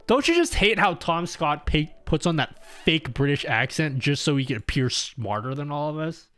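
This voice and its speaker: A man's voice: on the high side, expressive, moderate pace, fairly bright tone. Rambling Australian man on a livestream. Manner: rambling, self-interrupting with many fillers. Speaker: livestream host. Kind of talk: casual livestream chat with viewers. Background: faint music.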